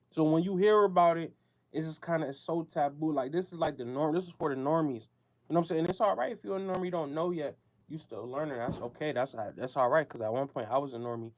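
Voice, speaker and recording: A man's voice: fairly high pitch, darkish tone. A man from the United States hosting a show, talking casually in a loose, slangy monologue that circles back on itself and speaks straight to his listeners. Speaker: show host.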